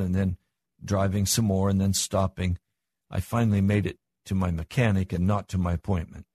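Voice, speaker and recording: A man's voice: darkish tone, slightly rough, dry recording. An older man preaching a sermon as pastor, earnest, with his voice rising for emphasis. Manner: earnest, rises in pitch for emphasis.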